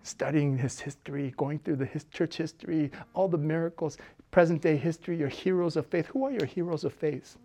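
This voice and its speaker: A middle-aged woman pastor preaching a sermon in an animated way, moving from loud exhortation to quiet intensity and laughing often. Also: deep voice, a little fast.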